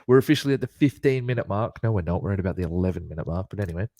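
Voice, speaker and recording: A man's voice: deep voice, animated, very fast, gravelly, mellow, no echo, clean studio sound. A man co-hosting a podcast, recapping a wrestling match move by move and laughing often. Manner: play-by-play recap with frequent laughs. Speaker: podcast co-host.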